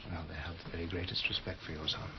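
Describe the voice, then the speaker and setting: A deep-voiced formal army officer. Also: male voice, level tone, gravelly, muffled recording, background noise. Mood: solemn. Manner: formal, measured condolence. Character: formal male army officer consoling parents.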